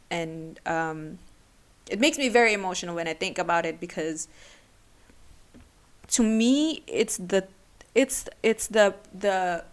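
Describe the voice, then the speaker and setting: Young woman, podcast host, tearful, halting speech, fairly low voice. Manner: emotional, halting, with restarts. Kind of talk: personal solo podcast.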